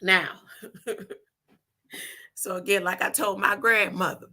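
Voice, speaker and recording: A woman hosts a spiritual livestream in a drawn-out, very slow delivery. Her voice is bright and forceful. She laughs often and leans on repeated words. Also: medium pitch, steady tone. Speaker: livestream host. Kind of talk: spiritual livestream talk with affirmations.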